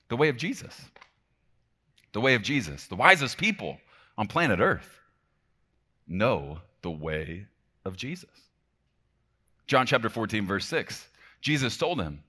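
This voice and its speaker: A man preaching a sermon with fervor, swinging between loud emphasis and hushed lines, often checking in with the congregation. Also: lowish voice, sing-song, unhurried, pauses often, husky. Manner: talks to the congregation directly with frequent "okay?". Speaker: pastor.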